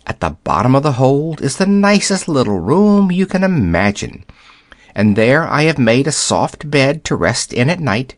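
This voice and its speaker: A man voicing a shy, gentle male rabbit who grows chatty as he talks. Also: mid-range voice, big pitch swings, moderate pace, dry recording, clean studio sound.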